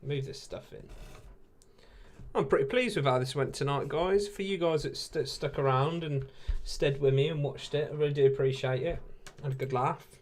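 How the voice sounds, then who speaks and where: Laid-back and quick to laugh, this late-twenties host from England chats with viewers during a casual live watch-along. He speaks in an English accent at normal speed, with a fairly high, slightly mellow voice.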